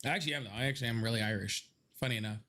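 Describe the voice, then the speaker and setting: A man's voice: mid-range voice, rapid-fire, sharp tone. A man hosting a casual live chat, rambling and joking with his viewers, laughing often, a little stuffy from allergies. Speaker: live stream host.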